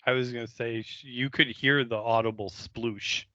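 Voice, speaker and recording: A man's voice: medium pitch, fairly even intonation, normal speed, sharp tone, no room sound, dull audio. A man co-hosting a podcast, chiming in with jokes during a casual recap chat. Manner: chiming in, joking, laughing along. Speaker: podcast co-host.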